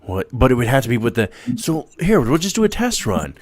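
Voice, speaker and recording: Male livestream host, lively pitch, goofy and laughing, light background hiss. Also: brisk. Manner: goofy, laughing, animated storytelling. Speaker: podcast host. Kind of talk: casual late-night livestream chat.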